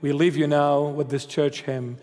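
High-voiced bishop in a reverberant church. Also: male voice, level tone, darkish tone. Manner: measured, solemn blessings. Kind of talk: sermon and closing prayer.

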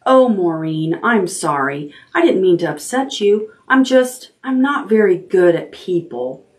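Lady reading soft awkward auntie, earnest and kind. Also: medium pitch, lively intonation, unhurried, recorded from a distance, natural voice. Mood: consoling. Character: kindly, awkward middle-aged aunt.

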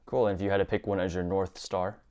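A man with a deep, smooth voice conducts a mock job interview. He gives feedback in an upbeat, encouraging way and praises the candidate's answers before offering pointers. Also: little pitch movement, quick pace, darkish tone.

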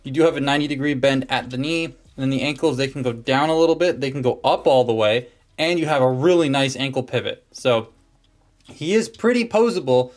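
A man at an ordinary middle pitch reviews a toy in an offhand, chatty way. He narrates each step as he handles it and pokes fun at himself along the way. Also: a little fast. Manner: chatty, self-deprecating, talks through hands-on steps. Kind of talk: casual toy review and transformation walkthrough.

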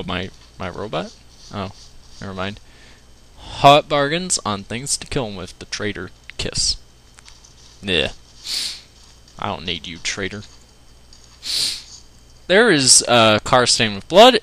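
A man giving joking, goofy let's play commentary, yelling when the fighting heats up. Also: on the low side. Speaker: gaming commentator.

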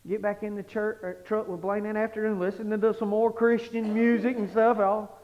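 A man preaching a sermon, telling stories animatedly and swinging from hushed tones to shouting. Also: high-pitched, little pitch movement, moderate pace. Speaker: pastor. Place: church sanctuary. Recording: lo-fi sound with long hall reverb.

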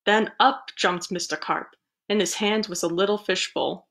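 A woman librarian reading a picture book aloud to children, animated, with playful asides. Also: medium pitch, moderate pace. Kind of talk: storybook read-aloud.

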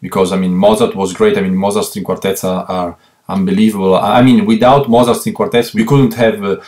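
A man with an Italian accent, speaking English as a second language, answers interview questions in a fairly low voice. He talks haltingly, with many fillers and restarted words, as he works out each thought. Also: fairly even intonation, a little mellow. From Italy. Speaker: guest violist. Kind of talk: interview over a remote line.

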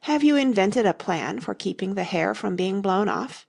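A woman's voice: medium pitch, lively intonation, moderate pace, creaky, darkish tone, breathy edge. A woman voicing a polite, curious young girl in an audiobook reading.

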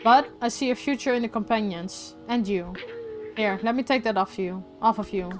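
A woman plays a loyal little robot companion from a video game, kind and steady to the end. The voice sits fairly high and stays hushed and understated. Faint game music runs underneath. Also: normal speed, lightly acted. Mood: tender. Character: small loyal male robot companion, gentle.

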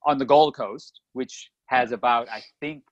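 A man's voice: mid-range voice, unhurried, no room sound. Chatty Canadian man on a dull remote line. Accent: Canadian, slightly Australian-tinged. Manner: chatty, animated storyteller. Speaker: podcast co-host, chiropractor. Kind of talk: casual podcast chat. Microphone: remote call mic. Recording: dull lo-fi dry remote audio.

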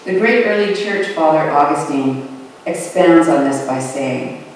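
A preacher delivering a sermon in a measured way, stretching out key words for emphasis. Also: medium pitch, a little hiss or hum. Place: large church sanctuary. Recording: echoey hall, voice from far off.

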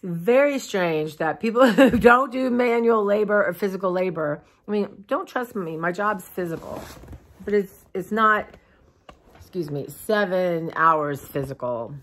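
A tired woman, talking heartfelt and rambling to her followers in a casual vlog, clearing her throat now and then. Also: medium pitch, animated, unhurried. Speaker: vlogger. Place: dim room at home.

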